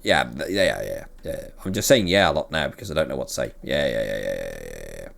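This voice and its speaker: A man's voice: extremely low pitch, very animated, quick pace, gravelly, fairly bright tone. A man hosting a game series, chatting casually and rambling with self-deprecating jokes as he plays. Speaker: let's play host. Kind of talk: casual gameplay commentary.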